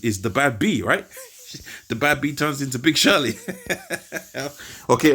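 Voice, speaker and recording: A man ranting to his video audience in a casual, preachy monologue. He rambles, repeats words as he restarts his sentences, and chuckles between his points. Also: medium pitch. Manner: preachy, quotes scripture. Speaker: video host.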